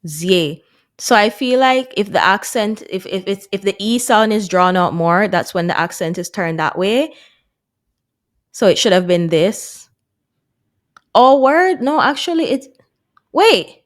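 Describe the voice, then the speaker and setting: A woman's voice: medium pitch, normal speed. A woman vlogging casually to her viewers as she works through a language course, chatty and laughing at her own mistakes. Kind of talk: casual vlog chat to viewers.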